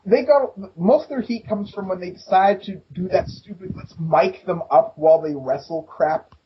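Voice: medium pitch, moderate pace. Laughing podcast co-host, lo-fi. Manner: laughs often, easygoing. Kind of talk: casual wrestling podcast chat. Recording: dull lo-fi podcast audio with faint noise.

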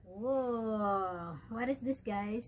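A woman with a Filipino accent, chatting excitedly and slipping in Tagalog words while unboxing a package for her vlog in a room indoors. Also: mid-range voice, unhurried, a little hiss or hum. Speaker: vlogger.

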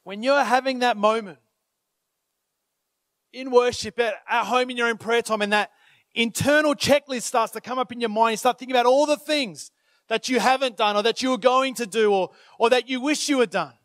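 A male preacher with a high voice, delivering a sermon with lively energy. He often breaks off to act out a worried inner voice, and he fills his talk with "you know" and "like". The sound is dry and close, with no room around it. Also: no room sound. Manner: animated, acts out inner thoughts in quick asides; many filler phrases and restarts. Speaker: pastor.

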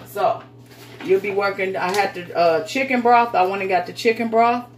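Woman hosting a relaxed home cooking video, talking warmly and loosely to her viewers with the odd curse. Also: medium pitch, normal speed, slight background noise. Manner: chatty, folksy, calls viewers sweet babies, swears casually. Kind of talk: casual cooking demonstration. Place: home kitchen.

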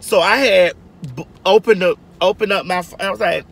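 Her voice is fairly low, creaky and slightly rough, moving at a normal pace. She's a livestream host in her forties from Georgia, US, chatting sassily with viewers as she drives and calling them honey and girl while she tells stories. Car and road noise come through on the phone microphone inside the vehicle.

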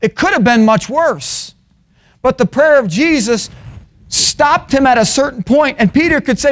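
A man with a high-pitched voice preaches a sermon in a college chapel. He moves between loud, emphatic peaks and low, quiet asides. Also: sing-song, moderate pace.

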